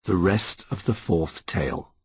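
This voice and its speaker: A man's voice: low voice, a little slow, husky, no echo, muffled recording. A man narrating an audiobook in a dramatic, tense reading. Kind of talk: scripted narration.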